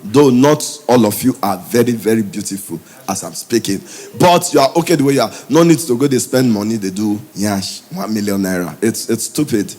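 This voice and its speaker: A Nigerian man doing stand-up comedy in Pidgin English, telling stories in an animated way. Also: on the low side, brisk. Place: comedy stage before a live audience.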